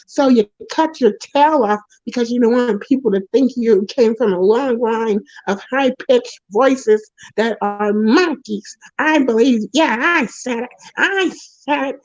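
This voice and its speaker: A woman plays a jealous male puppet character, a foul-mouthed loudmouth who rambles in an indignant, high-pitched rant. The voice sits well above the usual range. The recording is dull and dry, with no room sound. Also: a little slow, few pauses, no room sound. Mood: bitter ranting. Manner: profane, rambling, indignant ranting with frequent restarts. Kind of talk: comedic character monologue.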